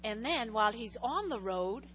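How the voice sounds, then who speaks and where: A woman preaching a lively sermon, reading scripture aloud and calling on the congregation to answer. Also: fairly high pitch, normal speed, a little hiss or hum. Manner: animated, calls on the congregation to respond. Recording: long hall reverb.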